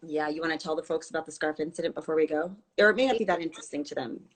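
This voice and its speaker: A woman's voice: deep voice, racing. Wry, teasing woman in live banter. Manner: teasing, wry, banters and quizzes her friend. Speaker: actress. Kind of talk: casual chat on a live stream. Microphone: phone on a live video stream.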